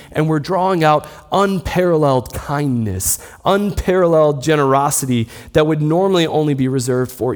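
A man's voice: fairly high pitch, darkish tone. A man in his thirties preaching a sermon, teaching steadily and posing rhetorical questions to the listeners. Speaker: pastor. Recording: long hall reverb.

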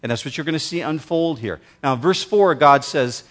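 A man preaching a sermon as pastor, slow and emphatic, with dramatic pauses. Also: medium pitch.

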